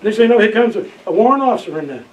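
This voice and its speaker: A man's voice: high voice, very animated, very fast. An older man, telling rambling, folksy stories from his Coast Guard days in an oral history interview, laughing often. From Maine, USA. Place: library room. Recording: roomy, distant, dull, faint hiss.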